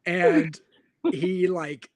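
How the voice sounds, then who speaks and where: A man's voice: high-pitched, sing-song, extremely slow, background noise. A male host in casual chat, telling a rambling story with plenty of fillers.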